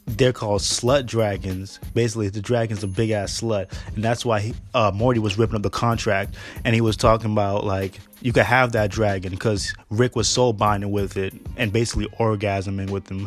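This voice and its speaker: A man with a low voice recaps an episode in a loose, slangy ramble, laughing at the jokes as he goes. Faint music sits under his voice. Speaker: podcast host.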